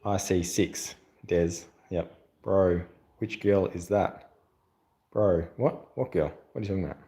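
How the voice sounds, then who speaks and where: A man's voice: deep voice, steady tone, measured pace, mellow. A man with an Australian accent, chatting casually on a livestream, rambling with lots of fillers and reading out viewer comments. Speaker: channel host doing a livestream. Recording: echoey room.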